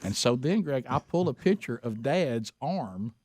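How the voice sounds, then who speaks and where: A man's voice: mid-range voice, expressive, measured pace, darkish tone, no echo, studio quality. A man hosting a radio show, telling a story with lots of laughter and repeated "I said". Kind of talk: morning radio banter and storytelling.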